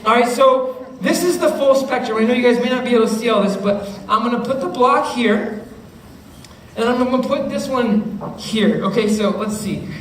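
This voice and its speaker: High-voiced man, lively youth speaker. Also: moderate pace. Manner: animated, acts out students' voices, keeps checking in with the listeners. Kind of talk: youth talk to middle schoolers. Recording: roomy, distant mic with faint noise.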